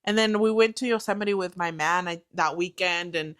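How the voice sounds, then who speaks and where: A woman's voice: lowish voice, normal speed, a bit bright, clear, resonant tone. A young woman chats casually as a guest and tells her story in a loose, swearing, storytelling way. She often slips into other people's voices for the quotes. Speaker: guest, new mother. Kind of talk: casual chat.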